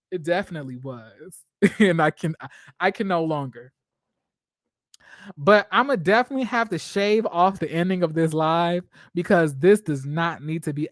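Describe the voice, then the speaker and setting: A man hosting a casual live stream from home, telling stories in a dramatic, expressive way, swearing freely and laughing often. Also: a little high, no echo, clean studio sound.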